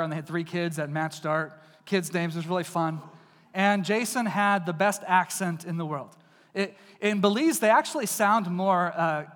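A man's voice: high-pitched, fairly bright tone. A man from East Texas preaching a casual, joking sermon built around personal stories, talking directly to the crowd. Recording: long reverb of a large hall.

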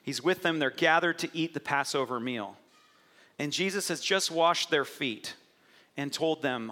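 Animated preacher in an echoey hall. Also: male voice, on the high side, measured pace. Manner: animated, playful storytelling with bursts of acted quotes. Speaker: pastor. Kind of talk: sermon. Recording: echoey hall with long reverb.

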